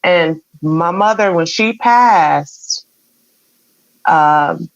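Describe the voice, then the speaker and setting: Speaking very slowly in a lowish voice, this woman, a radio program director appearing as a podcast guest, candidly recounts a personal story full of quoted exchanges. The sound is dull and dry.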